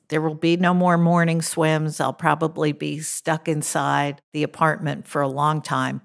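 A woman's voice: low-pitched, gravelly. A woman hosting a podcast, talking in an upbeat, chatty way and drawing out her phrases. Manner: upbeat, conversational, slow and drawn out on phrases. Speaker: podcast host. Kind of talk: casual chatty monologue. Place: rented house.

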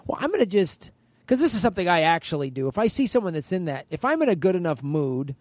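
A man in his thirties telling a funny story in casual chat, animated and excitable. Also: fairly high pitch, quick pace, no echo. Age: 30s.

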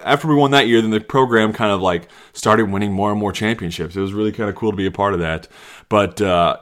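A man in his thirties hosting a solo podcast from his basement. He rants and jokes, jumping from loud mocking bits to low muttered asides. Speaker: podcast host. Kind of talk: solo comedic rant. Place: home basement.

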